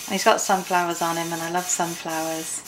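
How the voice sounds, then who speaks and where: A woman's voice: fairly low pitch, little pitch movement, fairly quick, background noise. A middle-aged English woman chatting casually to her viewers in a daily home vlog, rambling from one thing to the next. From England. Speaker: vlogger. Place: at home, indoors.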